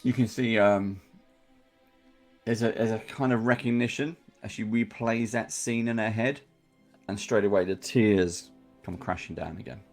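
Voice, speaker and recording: A man's voice: fairly low pitch, steady tone, moderate pace, a little mellow, faint music behind. A man narrating a tabletop game as game master, describing scenes with hesitant fillers.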